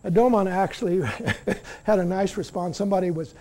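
A man giving a Zen dharma talk as the teacher, halting and dropping "see?" after many points. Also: high voice, darkish tone.

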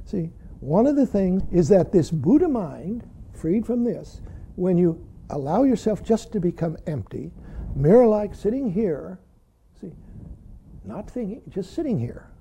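A man's voice: sits high, big pitch swings, a little slow, vocal fry, warm tone, breathy edge. A man giving a dharma talk as a Zen teacher, blunt and teasing, who laughs readily and keeps saying "see".

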